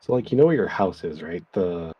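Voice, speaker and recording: A man's voice: sits low, lively intonation, brisk, breathy edge, dry recording, dull audio. A man talking to a friend over voice chat in a hesitant way, with many fillers.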